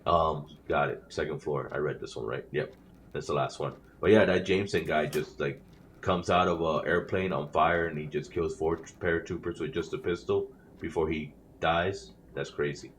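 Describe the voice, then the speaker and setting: Very deep-voiced man reading aloud. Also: fairly even intonation, moderate pace, slight background noise. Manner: stumbles over words and corrects himself mid-sentence; self-conscious about reading aloud. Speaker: gamer playing a game on his channel. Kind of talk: reading in-game newspapers aloud with casual commentary.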